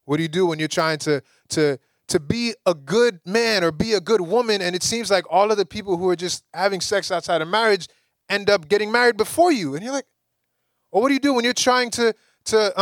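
A young preacher from the Caribbean delivers a sermon with lively energy. He keeps building to emphatic high points. His voice sits a touch high, and the sound is dry and close. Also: no echo. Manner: lively, rising to emphatic peaks.

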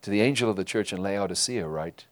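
A man preaching a sermon to his congregation, emphatic, rising loud and falling quiet. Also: on the low side, fast. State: tearful while reading scripture. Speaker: pastor.

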